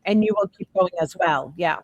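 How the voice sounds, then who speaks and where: Convidada de podcast, mulher, narra de forma sincera e animada; som seco e próximo. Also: female voice, on the low side, moderate pace, no room sound. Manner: earnest storyteller acting out quoted dialogue. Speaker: podcast guest. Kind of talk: live podcast Q&A, storytelling.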